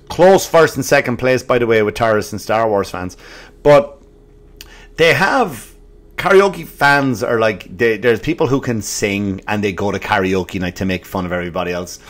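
An Irish man from Ireland hosting a comedy podcast, telling stories as a profane rant that swings from loud bursts to muttered asides. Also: medium pitch, lively intonation, normal speed. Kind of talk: comic storytelling rant.

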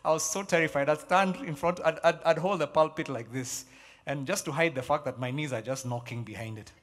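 Emphatic pastor in a reverberant hall. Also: male voice, a little high, fairly quick. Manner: emphatic, repeats key phrases, animated storytelling. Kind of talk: sermon. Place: large church hall. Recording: long church hall reverb.

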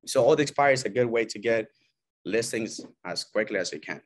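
A man's voice: medium pitch, a little fast, slight background noise. A man, a working realtor, coaching other agents in a loose, chatty way, acting out what clients and agents say and often checking in with "right?" and "you know?". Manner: animated, acts out client and agent quotes. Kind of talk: casual coaching talk to a small group.

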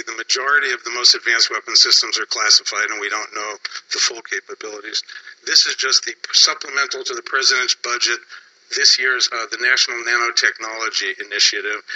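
A man's voice: medium pitch, bright, forceful tone, poor audio. A man giving earnest, rambling public comment at a hearing.

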